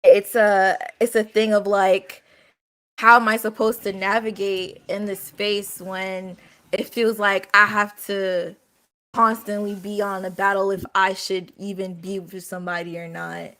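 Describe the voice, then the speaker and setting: A woman speaking earnestly in a casual group conversation, halting with many fillers. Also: mid-range voice, flat delivery, a bit bright. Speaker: guest.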